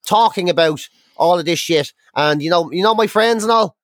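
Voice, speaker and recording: A young man chatting on a podcast, ranting and swearing as he tells his stories. His voice sits high for a man. The sound is dry and close. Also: normal speed, fairly bright tone, no room sound. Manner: sweary, ranting, exasperated storytelling. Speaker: podcast co-host. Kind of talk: casual chat.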